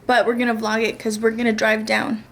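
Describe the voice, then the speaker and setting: A woman's voice: fairly high pitch, monotone, fairly quick, slight background noise. A young woman vlogging casually to a handheld camera, chatty and joking as she walks through her day. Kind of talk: casual vlog chat. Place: outdoors by a backyard fire, then at home.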